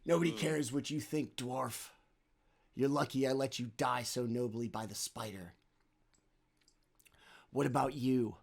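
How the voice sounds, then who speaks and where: A man voicing a soft-spoken, cruel male drow lord who addresses a crowd in a menacing loud whisper. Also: medium pitch, gravelly. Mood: scornful.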